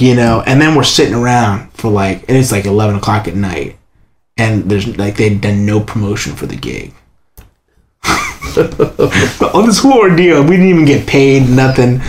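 A man telling a long personal story in casual chat, acting out the people he quotes by jumping to a much higher voice. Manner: animated, acts out quoted voices in a high pitch. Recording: echoey room with faint ambience.

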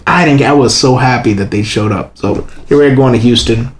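Male storyteller, casual and animated, faint background ambience. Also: brisk, a little hiss or hum. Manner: animated, acts out quoted voices in a high pitch. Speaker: guest telling a story. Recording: echoey room with faint ambience.

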